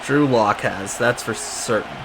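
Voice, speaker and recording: A man narrating his football video game in a casual, exasperated running commentary, groaning at his own team's mistakes. His voice sits at an ordinary middle pitch, and there is a steady hiss of noise behind him throughout. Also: a little slow. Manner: exasperated, sarcastic play-by-play with frequent restarts. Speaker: gaming YouTuber.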